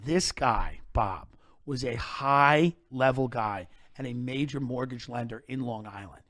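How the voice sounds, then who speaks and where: A man telling comedic stories on a podcast, animated and emphatic, with plenty of profanity. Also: medium pitch, unhurried, no echo, studio quality.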